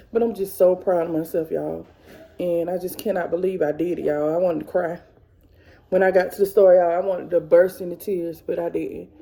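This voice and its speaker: A woman's voice: fairly low pitch, gravelly, warm tone. A woman in her thirties vlogging to camera in casual, emotional chat, rambling and repeating herself. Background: kids faintly in background.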